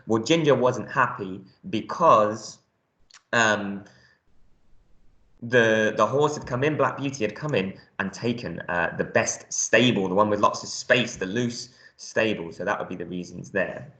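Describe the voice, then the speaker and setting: A man's voice: lowish voice, measured pace, sharp tone, roomy sound. A male primary school teacher giving a recorded reading lesson, explaining words step by step in a friendly way with lots of ums.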